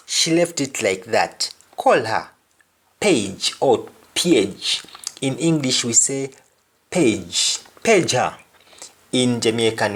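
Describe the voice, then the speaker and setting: A man's voice: on the low side, expressive, fairly bright tone, breathy edge. A man teaching a spoken language lesson, saying each example phrase twice and then explaining its meaning. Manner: deliberate, explanatory delivery.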